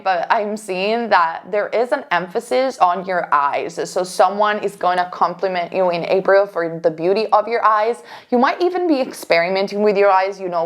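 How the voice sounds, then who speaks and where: Chatty woman doing a tarot reading. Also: mid-range voice. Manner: chatty, rambling, emphatic, with many fillers and restarts. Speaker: psychic tarot reader. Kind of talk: casual pick-a-card tarot reading.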